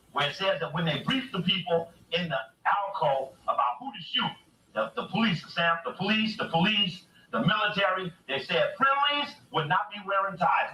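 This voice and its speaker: A man's voice: sharp tone, echoey room, far from the mic, a little hiss or hum, low-quality recording. A man giving an impassioned lecture, asking rhetorical questions and reading quotes aloud from books. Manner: emphatic, rhetorical questions, acts out quotes with rising pitch. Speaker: speaker reading from books to a camera.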